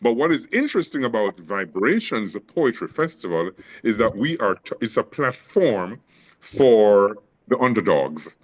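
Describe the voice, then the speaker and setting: A man's voice: lowish voice, sing-song, a little slow, lo-fi sound. A man from Jamaica with a Jamaican accent blended with Canadian, talking passionately as a poet and educator in an interview, often stumbling over repeated words. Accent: Jamaican mixed with Canadian. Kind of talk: interview conversation.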